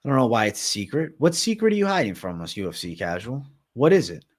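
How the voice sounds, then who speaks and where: A young man running a casual MMA livestream Q&A, with a voice at an everyday mid male pitch. He swears often and drops slang like bro and dog, and he answers chat in a loose, offhand way. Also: huge pitch swings, fast. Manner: profane, slangy, calls viewers bro.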